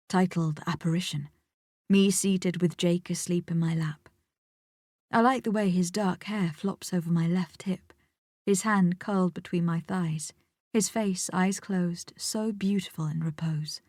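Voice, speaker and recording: A woman narrating an audiobook in the first person, measured and intimate, sometimes dropping almost to a whisper. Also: fairly low pitch, mellow, dry recording, clean studio sound.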